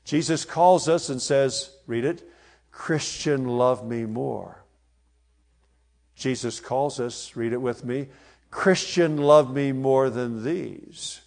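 Male pastor, sermon delivery, mid-pitched, unhurried, emphatic and rising in force on key lines. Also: vocal fry. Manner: slow, emphatic preaching, swelling loud on key phrases.

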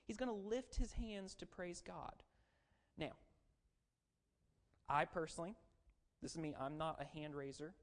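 In an unhurried, medium-pitched voice with long pauses, a preacher talks through his sermon conversationally, posing questions to listeners and poking fun at himself. He grew up a Baptist missionary and pastor's kid.

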